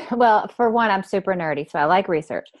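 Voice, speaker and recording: A woman with a Southern drawl talks as a podcast guest, chatty and warm as she tells her story. Her voice is mid-pitched and sounds dry and close to the mic, with no room around it. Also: expressive, normal speed, dry recording. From American South. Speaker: author and guest. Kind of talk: podcast interview.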